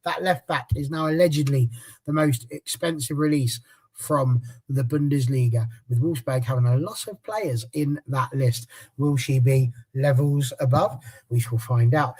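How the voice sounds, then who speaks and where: A man's voice: a little high, moderate pace, slightly rough. Chatty, jokey man hosting a panel. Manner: jokey, chatty, stumbles over foreign names. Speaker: podcast host. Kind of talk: casual panel chat, reading a transfer rundown.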